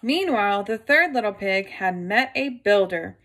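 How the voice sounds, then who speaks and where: A woman reading a picture book aloud to children, gently stopping to ask her listeners questions. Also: mid-range voice, animated, moderate pace, hardly any pauses.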